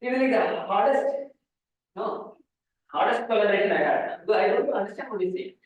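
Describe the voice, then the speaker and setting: A man's voice: high-pitched, a little fast. A man giving a mathematics lecture at a conference, rambling with restarts and asides to the students. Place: lecture hall. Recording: echoey hall, far mic, phone-like band.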